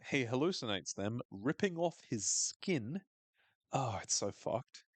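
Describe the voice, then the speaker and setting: A man's voice: mid-range voice, very animated, measured pace, husky, dry recording. A man hosting a podcast, recapping a TV episode in casual chat, swearing freely and acting out characters' lines in funny voices.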